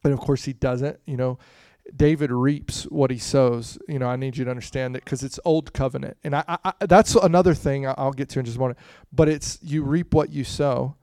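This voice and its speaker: A man preaching a conversational sermon to a congregation, swinging between hushed and loud passages, with frequent "you know" asides. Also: medium pitch, fairly even intonation, a little fast, hardly any pauses, no echo, studio quality. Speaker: pastor.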